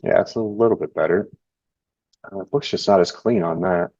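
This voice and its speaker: A man's voice: low-pitched, moderate pace, breathy edge, no room sound. A young man hosting a live trading stream from home, chatting casually and rambling as he reads the chat and looks over charts. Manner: relaxed and rambling, reading chat and charts aloud. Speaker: live trading show host. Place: home indoors. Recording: dull, dry lo-fi stream audio.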